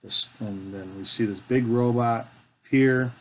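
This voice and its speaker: There's slight background noise as a middle-aged man from Canada builds a toy kit on his live stream. He speaks unhurriedly at medium pitch with a steady tone, chatting casually, cracking jokes, and talking to himself while he works.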